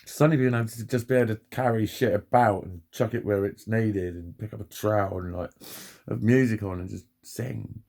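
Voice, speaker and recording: A man's voice: fairly low pitch, steady tone, fairly quick, gravelly, a little mellow. A man in his forties, talking in a rambling personal vlog monologue, sweary and chatty, laughing at himself often. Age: 40s. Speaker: vlogger.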